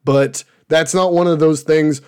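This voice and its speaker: A man's voice: a little high, fairly even intonation, measured pace, smooth. A man hosting a casual show review, rambling and laughing, often stopping to restart his sentences. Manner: rambling, laughing, self-interrupting. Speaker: podcast host reviewing shows.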